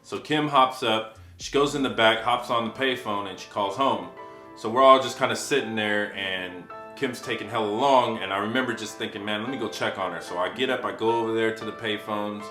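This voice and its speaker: A man telling his own story in casual, slangy talk, unhurried and reflective, with frequent swearing. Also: fairly low pitch, pushed and bright. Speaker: storyteller recounting his past. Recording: echoey room with faint guitar music. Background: faint guitar music.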